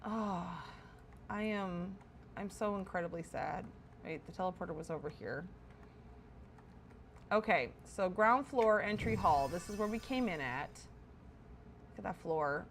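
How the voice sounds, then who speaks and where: A woman's voice: lowish voice, a little slow, pauses often, a little hiss or hum. A woman streaming casual commentary while touring a player-built game house, chatty and full of wonder, correcting herself as she goes.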